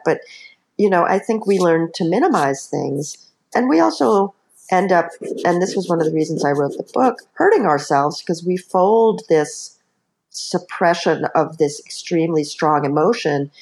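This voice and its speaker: A woman's voice: fairly low pitch, normal speed, a little mellow. A woman author speaking as a podcast guest, explaining earnestly with many asides. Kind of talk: podcast interview.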